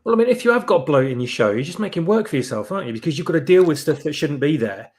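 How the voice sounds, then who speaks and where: A man with a fairly high voice chips into a casual podcast chat with quick, reasoned asides, speaking a little away from the mic. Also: animated, darkish tone.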